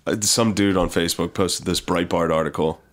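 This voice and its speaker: A man's voice: deep voice, fairly even intonation, brisk. A man co-hosting a comedy podcast, trading jokes and crude banter with sing-song bits. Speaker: podcast co-host. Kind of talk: casual comedy podcast chat.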